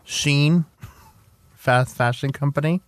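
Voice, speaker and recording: A man's voice: on the high side, slow pace, no room sound. A young man co-hosting a podcast, chatting casually and playfully reading out news items. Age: young adult. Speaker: podcast co-host. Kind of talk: casual chat.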